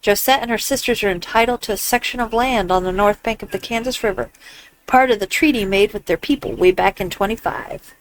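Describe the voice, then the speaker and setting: A woman's voice: mid-range voice, fairly quick, a little hiss or hum, natural voice, low-quality recording. A woman reading the lines of a male frontier ferryman in a video game, trying a put-on accent. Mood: matter-of-fact. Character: male ferryman, frontier river-crossing operator.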